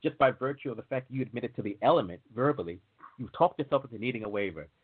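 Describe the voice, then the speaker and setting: The speaker is a man with a medium-pitched, slightly rough voice who talks fast and expressively. A waiver consultant, he hosts a loose, chatty talk show on entry waivers, digressing and voicing quoted exchanges as he goes. The sound is tinny and phone-like.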